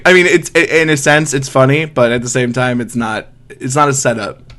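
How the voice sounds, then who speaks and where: A man's voice: mid-range voice, steady tone, a little fast, fairly bright tone. Laid-back male podcast co-host. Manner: laid-back, rambling with many "like"s, laughs often. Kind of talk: casual banter podcast.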